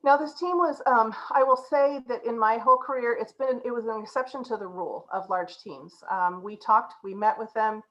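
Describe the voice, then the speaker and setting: A woman agile coach telling a story to a group in an animated way, laughing now and then. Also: on the high side, moderate pace, few pauses, muffled recording.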